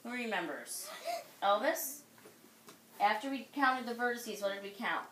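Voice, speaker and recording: Woman teacher quizzing a class, patient and encouraging, bright voice, echoey classroom, mic a bit far off. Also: fairly high pitch, lively intonation, unhurried, slight background noise. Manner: patient, encouraging, praises and quizzes children by name. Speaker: second grade teacher.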